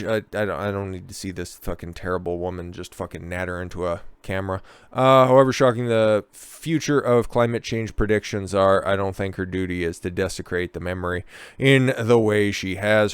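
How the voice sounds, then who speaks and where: Male commentary host, low and resonant, profane and sarcastic ranting. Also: clean tone, no echo.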